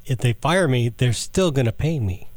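A man's voice: mid-range voice, lively intonation, moderate pace, darkish tone, no room sound. Man chiming in on a talk show. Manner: brief agreeing interjections. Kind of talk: casual chat.

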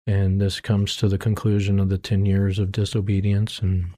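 A man's voice: deep voice, monotone, normal speed, dark tone. A middle-aged man telling his life story in a candid, heartfelt interview, rambling and restarting as he speaks with plain faith. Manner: earnest, rambling with restarts and self-quotes. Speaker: interview guest sharing his testimony.

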